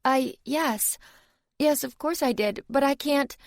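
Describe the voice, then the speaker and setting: A woman's voice: sits high, slow pace, no room sound, clean studio sound, voice pushed up. A woman voicing a tearful, compassionate young woman who answers hesitantly, in an audiobook. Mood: anxious.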